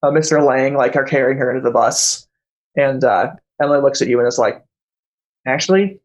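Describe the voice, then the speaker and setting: A man's voice: mid-range voice, steady tone, brisk, low-quality recording. A man narrating as game master, hesitant and full of fillers.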